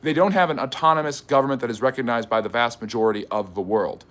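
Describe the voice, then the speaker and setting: A man's voice: mid-range voice, fast talker, a bit bright. A man hosting a live history stream, reading viewer questions aloud and answering them in a chatty way. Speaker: history channel host.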